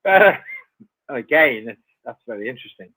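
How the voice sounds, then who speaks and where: A man answers viewer questions on a live stream in a plain-spoken way, laughing easily. His voice sits at a middle pitch, and the sound is dry. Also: lively intonation, normal speed, sharp tone, husky, no echo, low-quality recording. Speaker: guest.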